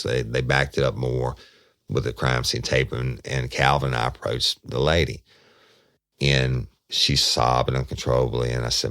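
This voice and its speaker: A man's voice: extremely low pitch, fairly even intonation, normal speed, creaky, a bit bright, no echo, clean studio sound. A man, a retired detective hosting a podcast, telling a true crime story in an earnest, folksy way. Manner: folksy, earnest, speaks straight to listeners.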